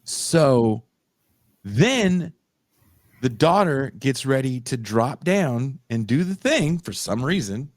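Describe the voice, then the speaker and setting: A man co-hosting a podcast, animatedly retelling a story and acting out the quotes with sudden high shrieks. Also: sing-song, slow, no echo, studio quality. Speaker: podcast co-host. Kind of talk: casual chat.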